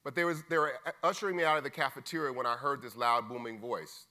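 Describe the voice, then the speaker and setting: Bright-voiced man telling a personal story. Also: medium pitch, steady tone, quick pace. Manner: informal, acts out dialogue, calls people "man" and "brother". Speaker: keynote speaker. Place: conference stage.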